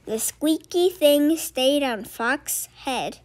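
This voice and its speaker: A woman reading a children's picture book aloud, with slow, expressive storytelling. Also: high-pitched. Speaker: storybook reader. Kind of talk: children's read-aloud narration.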